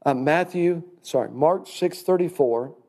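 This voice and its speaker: A man's voice: fairly high pitch, a little slow, darkish tone. A man teaching a church class in a sermon style, folksy and emphatic, calling his listeners friend.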